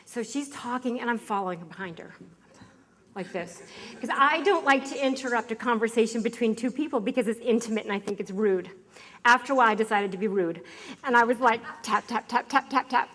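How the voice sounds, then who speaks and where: Chatty, quick-laughing woman storyteller. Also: on the high side. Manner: lively, chatty, quick to laugh, asks the audience questions. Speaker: speaker giving a testimonial. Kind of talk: personal storytelling to an audience.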